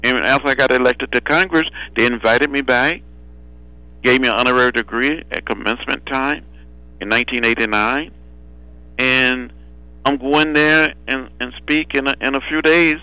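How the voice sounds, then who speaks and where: An older man speaks as a phone guest, his voice bright and forward. He is measured and builds rhythm by repeating phrases. The sound is dry, with no room around it. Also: medium pitch, steady tone, clear, resonant tone, no echo, low-quality recording. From Alabama. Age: 70s. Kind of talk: phone interview storytelling. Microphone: telephone.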